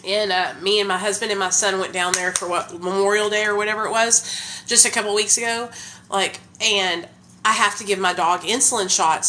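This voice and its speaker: A woman chats to her viewers in a casual phone live stream. Her voice is bright and forceful, and she talks in an excited, hyped way. She fills her speech with "like" and "y'all". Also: medium pitch. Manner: hyped, energetic talker; heavy use of "like" and "y'all".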